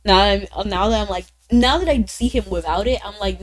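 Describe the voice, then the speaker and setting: A woman streaming a game, chatting casually with viewers in a bubbly way, with sudden high exclamations. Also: expressive, normal speed, low-quality recording. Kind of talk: casual gaming stream chat.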